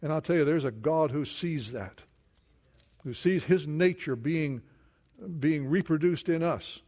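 Male pastor with a slightly higher voice, dynamic preacher who goes loud, then drops to a hush, and keeps asking the congregation questions. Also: measured pace. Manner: dynamic preaching, swings from loud emphasis to hushed near-whisper; asks the listeners many questions. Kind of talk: sermon.

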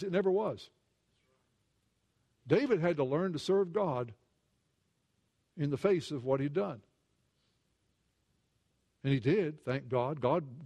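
An earnest man delivers a sermon with a fairly high voice. He restarts and repeats words as he thinks aloud. He climbs in pitch when he retells a story and sinks low and quiet for asides. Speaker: preacher.

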